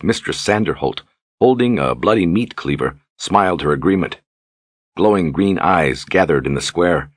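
A man reads a fantasy novel aloud in a steady, even storytelling manner. His voice sits very low with a husky grain, captured dry and close on a studio mic. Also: no room sound. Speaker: audiobook narrator. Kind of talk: scripted narration.

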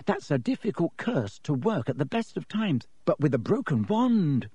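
A man's voice: fairly high pitch, sing-song, normal speed, dark tone, husky, no echo, pitched above the performer's own voice. A man voicing a clever, anxious schoolgirl who speaks earnestly.

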